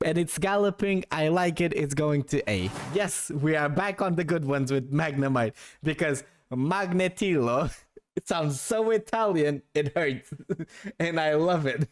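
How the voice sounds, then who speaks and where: A young man giving playful, casual commentary as he ranks names, laughing often and swearing now and then. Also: a little high. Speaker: YouTuber ranking names.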